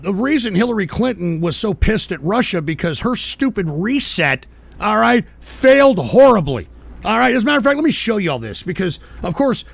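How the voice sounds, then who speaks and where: Fired-up guy hosting a live political show, high raspy voice, swears a lot, all over the place pitch-wise. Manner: profane, combative, shouts at trolls. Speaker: livestream political talk host. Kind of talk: ranting live political commentary.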